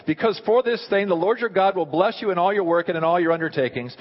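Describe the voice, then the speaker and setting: Pastor, slightly high voice, animated sermon delivery, long hall reverb, muffled lo-fi audio. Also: male voice, quick pace. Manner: animated, asks the listeners rhetorical questions.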